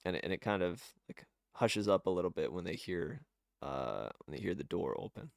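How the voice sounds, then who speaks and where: A man's voice: low voice, sing-song, fairly quick, vocal fry, dry recording, clean studio sound. A man narrating a tabletop game as game master, rambling and correcting himself with many fillers.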